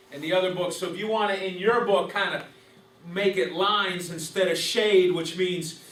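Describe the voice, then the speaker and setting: A man's voice: fairly high pitch, fairly bright tone. A man teaching a class of umpires in a conversational lecture, asking questions and repeating key points. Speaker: umpire instructor. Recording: roomy, distant mic, faint hiss.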